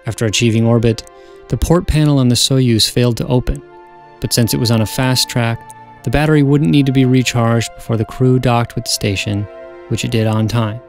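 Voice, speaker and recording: A man giving a scripted narration in an even, factual delivery. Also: medium pitch, a little fast, soft background music.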